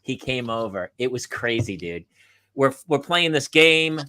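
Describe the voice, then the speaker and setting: A man, a comedian and podcast host, telling a sarcastic story and acting out the shouted quotes. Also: mid-range voice, lively intonation, unhurried, smooth, no room sound. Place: live podcast set.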